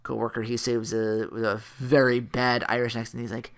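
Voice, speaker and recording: A man's voice: medium pitch, little pitch movement, moderate pace, creaky. A man giving a casual, rambling, jokey anime review, correcting himself and laughing as he goes.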